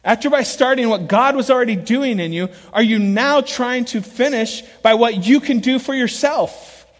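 Middle-aged male pastor, high voice, big-hall reverb, storyteller's sermon that swings from loud quotes to hushed asides. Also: normal speed. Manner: animated storytelling, shifts between loud acted quotes and quiet earnest asides. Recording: long reverb of a large hall.

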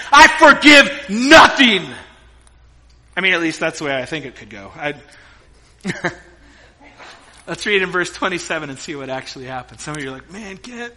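Bright high-voiced animated male preacher. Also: low-quality recording. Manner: animated, jokey, acts out voices. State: sick. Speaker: pastor. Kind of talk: sermon.

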